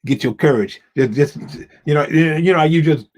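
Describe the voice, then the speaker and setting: A man's voice: on the high side, moderate pace, darkish tone. A man talking casually over a video call, emphatic and repetitive, like a preacher. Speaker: guest. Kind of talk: casual chat.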